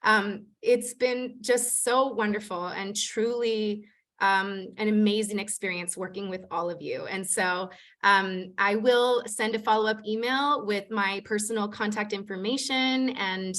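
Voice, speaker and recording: A woman city planner runs a community committee meeting over a video call. She talks in a chatty, easygoing way and fills her pauses with frequent ums. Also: mid-range voice, fairly even intonation. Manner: warm, chatty, many "um"s. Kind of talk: online meeting facilitation.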